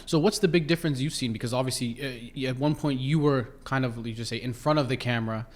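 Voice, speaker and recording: A man in his thirties from Canada hosts a podcast, relaxed and asking long, winding questions. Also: mid-range voice, quick pace. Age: 30s. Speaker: podcast host. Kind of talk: casual interview talk.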